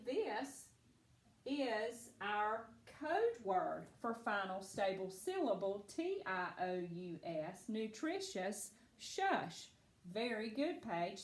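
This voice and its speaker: A woman's voice: fairly high pitch, reverberant. A woman teaching a phonics lesson to children, patiently and encouragingly. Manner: slow, patient, encouraging, answers for absent pupils.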